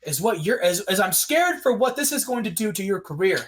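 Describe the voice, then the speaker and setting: A man's voice: high voice, big pitch swings, a little fast. A man doing a boastful trash-talking wrestler. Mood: taunting. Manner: boastful, taunting.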